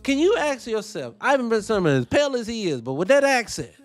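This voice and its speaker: A man hosts casual reaction commentary in a high, very lively voice. He swears freely and piles up rhetorical questions. Faint music plays behind him. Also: fast talker. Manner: animated, profane, rhetorical questions. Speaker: host.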